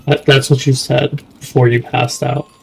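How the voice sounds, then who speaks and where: A man's voice: mid-range voice, flat delivery, normal speed, vocal fry, soft background music, low-quality recording. A young man in casual chat, rambling and swearing, often trailing off mid-thought. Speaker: streamer.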